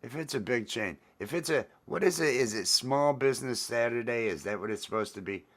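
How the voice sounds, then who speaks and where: A man's voice: mid-range voice, expressive, a little fast, a bit bright. A man hosting a casual livestream chat, talking in a laid-back, rambling way, repeating his phrases and greeting viewers by name. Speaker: livestream host.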